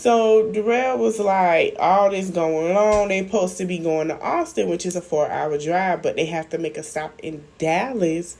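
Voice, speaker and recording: A woman's voice: lowish voice, unhurried, few pauses, a little mellow. Chatty woman vlogger recapping a show. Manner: chatty, addresses viewers as y'all, acts out quotes. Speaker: YouTube channel host. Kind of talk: casual reality-show recap and reaction.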